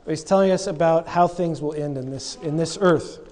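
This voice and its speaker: A man's voice: a little high, fairly quick, a little mellow, in a large hall. A man preaching a sermon, telling the story with humor and acting out the lines he quotes.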